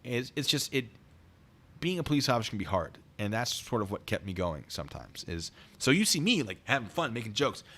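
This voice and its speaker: A man's voice: medium pitch, fairly quick. A young adult man casually telling funny stories from his time as a military police officer, acting out the voices of the people in them. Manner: animated, acts out quoted voices; self-described deadpan humor. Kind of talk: casual storytelling chat.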